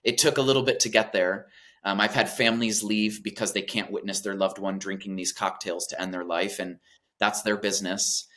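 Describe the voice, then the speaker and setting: Soft-spoken man, low earnest voice. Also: steady tone, a little fast. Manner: earnest, gentle, searching for words with fillers. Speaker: death doula guest. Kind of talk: reflective interview talk.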